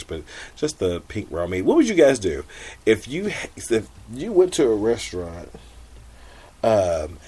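A middle-aged man hosting a podcast, telling a story in a chatty, animated way with frequent laughs. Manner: animated, chatty, laughs often, jumps high for exasperated quotes. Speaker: podcast host. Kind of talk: casual storytelling monologue.

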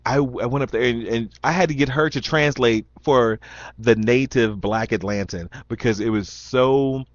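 The young vlogger talks at a normal speed in a medium pitch, his slight Southern Indiana accent showing as he rambles through questions he reads aloud, with many ums and restarts. The recording is dull, dry and lo-fi, with no room sound.

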